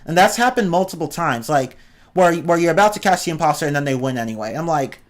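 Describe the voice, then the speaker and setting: Annoyed guy venting, kinda high voice, cursing a lot and tripping over his words. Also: animated, fast talker. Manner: exasperated, swears a lot, stumbles and restarts. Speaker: streamer ranting about online games. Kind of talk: casual profane rant.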